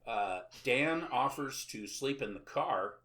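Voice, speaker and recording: A man's voice: medium pitch, lively intonation, slow pace, pushed and bright. A man hosting a podcast, recapping a film plot in casual, sarcastic chat full of filler sounds. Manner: rambling, with many filler sounds and sarcastic asides. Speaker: podcast host.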